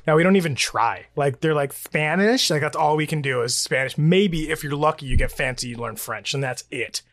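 A man's voice: fairly high pitch, a little fast, vocal fry, fairly bright tone, dry recording. A man from the United States co-hosting a podcast in casual chat, rambling and laughing often. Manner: rambling, restarts, laughs a lot. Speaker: podcast co-host.

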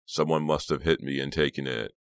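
A man's voice: a bass voice, a little fast, clear, resonant tone, dry recording. A man voicing a groggy, injured teenage boy who groans through his story.

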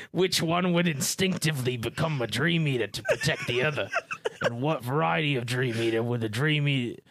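A man's voice: medium pitch, a bit bright, no room sound, heavily acted. A man reading aloud in a put-on Australian accent, laughing as he reads.

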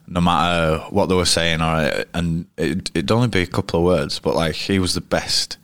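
Sitting low with fairly even intonation at a normal speed, his voice is a bit bright and clean, captured dry with clean studio sound. A Yorkshire-accented cricketer, he's an interview guest in a pub, casually spinning rambling, blunt tales that keep restarting.

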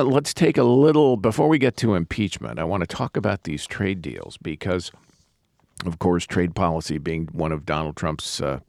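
A man hosting a political discussion podcast, his voice hoarse, talking in a halting way with many fillers and restarts. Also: low-pitched, no echo, studio quality. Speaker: podcast host.

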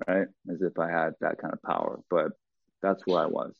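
A middle-aged man being interviewed, telling a personal story bluntly and profanely, with halting restarts. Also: sits low, level tone, vocal fry, no echo. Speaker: guest. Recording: tinny phone-like line, dry.

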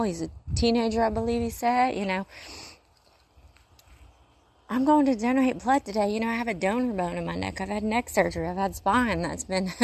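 A woman who works in urgent care, talking in a casual faith-based monologue, earnest and rambling with a preachy streak, pacing as she talks. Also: medium pitch. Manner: paces while talking.

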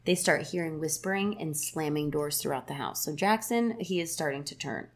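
A woman's voice: deep voice, normal speed. A woman co-hosting a casual podcast, retelling a film plot in a chatty way with lots of "like". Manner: chatty storyteller, says "like" a lot, quotes characters in a livelier voice.

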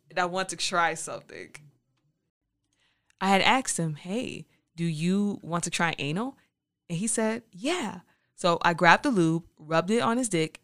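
A woman's voice: medium pitch, sharp tone. A woman podcast host telling a candid personal story in a frank, playful, slangy way, acting out her own thoughts.

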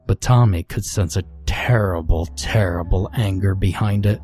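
A man narrating a scripted horror story in a slow, measured, brooding way. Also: sits low, a little mellow, soft background music.

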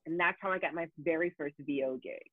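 Animated woman storyteller on a tinny line. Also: low voice, fast, dry recording. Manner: animated storyteller, acts out quoted voices. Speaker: voice actor guest. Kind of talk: casual podcast chat. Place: home in Los Angeles. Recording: tinny phone-like line, dry.

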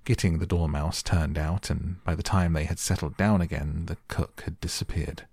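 Deep gravelly bedtime narrator, man. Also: no echo, studio quality. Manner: calm, slow, soothing. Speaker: audiobook narrator. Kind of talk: soft bedtime storybook reading.

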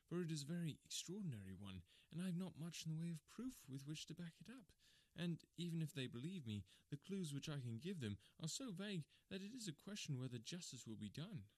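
Man reading as a young engineer in a storybook, shaken but composed, voice pitched up, eager and breathless, dry close sound. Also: darkish tone, dry recording, lightly acted.

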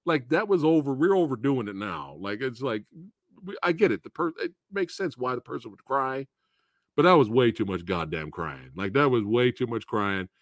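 A man rambles through a casual movie review, his pitch jumping all over the place as he repeats himself, swears freely and laughs along the way. The sound is dry and close, with no room around it. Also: normal speed, no echo. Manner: animated, profane and repetitive, laughing often. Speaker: movie review show host.

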